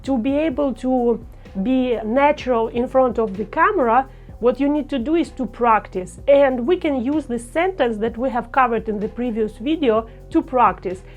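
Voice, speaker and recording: A woman teaching a lesson on speaking naturally on camera, talking in a slow, deliberate, demonstrative way. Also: fairly high pitch, faint music behind. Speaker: speaking coach.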